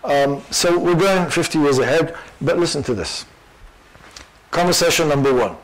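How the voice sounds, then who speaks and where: An older man giving a university lecture, animated and full of fillers. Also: fairly high pitch, normal speed, rough recording. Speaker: guest lecturer.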